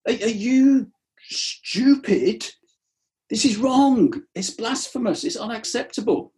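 Male preacher doing indignant Pharisees, high and shrill, scolding. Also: slow pace, darkish tone. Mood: outraged. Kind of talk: sermon, acting out a quote.

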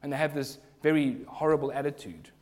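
A male pastor delivering a sermon in a church, earnest and at times forcefully emphatic. His voice sits a little higher than most men's. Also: a little fast. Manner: earnest preaching, rising to emphatic bursts.

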